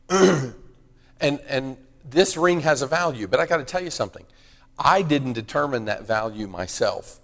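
A male preacher delivers a sermon in an easygoing but emphatic manner, asking his listeners questions and pressing his points home. His voice sits at an ordinary male pitch. It carries a long reverb from a large hall. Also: a bit bright. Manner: conversational, emphatic, asks the audience questions.

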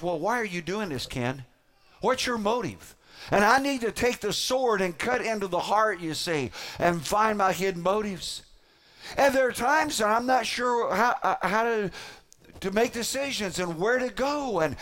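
A man delivering a sermon as a pastor, preaching emphatically with dramatic pauses and repetition. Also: sits high, fairly bright tone.

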